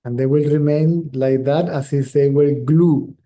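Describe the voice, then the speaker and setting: A middle-aged man, a native Spanish speaker, teaching in a slow, reflective way. His voice sits a little high but sounds very soft and dark, and he circles back over his own phrases as he feels for the right word. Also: fairly even intonation. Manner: slow, measured, repeats phrases while searching for words. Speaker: spiritual teacher. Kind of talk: reflective spiritual talk.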